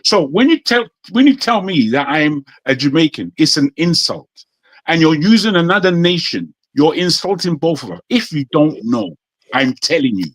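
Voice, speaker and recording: Brief: British-accented male guest, indignant and forceful, slightly higher voice. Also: big pitch swings, moderate pace, no echo. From Nigeria. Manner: forceful, indignant, repeats phrases. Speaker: debate guest. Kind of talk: heated panel debate.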